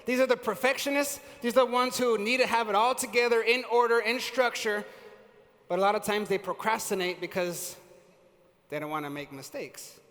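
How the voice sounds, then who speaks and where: A man giving an energetic live seminar on sales and leadership, quizzing the audience and using casual slang. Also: sits high, moderate pace. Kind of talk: live motivational seminar talk. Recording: reverberant hall.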